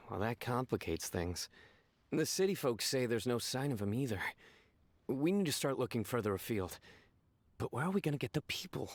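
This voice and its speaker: A man's voice: medium pitch, expressive, moderate pace. A man voicing a weary but friendly city guard in a video game. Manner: sighing, friendly.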